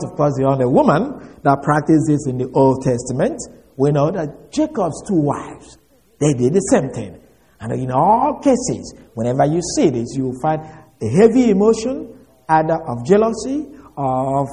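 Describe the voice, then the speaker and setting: A man teaching a Bible study, reading scripture and explaining it in a deliberate, emphatic way. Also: a little high, dark tone.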